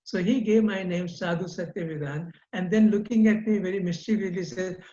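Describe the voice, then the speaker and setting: An older man, a guest recounting personal memories in an earnest, halting way with frequent repeated words. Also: high voice, mellow. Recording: roomy, dull lo-fi sound.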